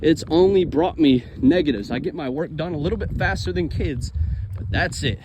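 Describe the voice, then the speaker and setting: Venting young man outdoors, loud wind. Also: on the high side, normal speed. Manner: frustrated, venting, swearing. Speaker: vlogger. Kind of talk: personal story vlog while hiking. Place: outdoors by water, walking a trail. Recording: outdoor recording with loud wind and water noise.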